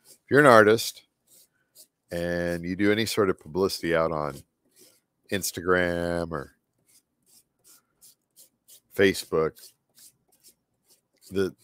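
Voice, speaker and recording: Guy with a deep scratchy voice rambling while he paints live, mutters to himself, dry close sound. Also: a bit bright, dry recording. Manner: muttering to himself, trailing off and restarting. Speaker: artist hosting a live painting stream.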